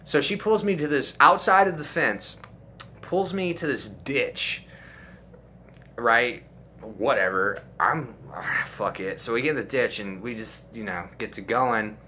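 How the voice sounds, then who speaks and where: A man's voice: medium pitch, a little slow, bright, forceful tone, slight background noise. A young man telling a crude, profanity-heavy story in a casual storytime video. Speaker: storytime YouTuber.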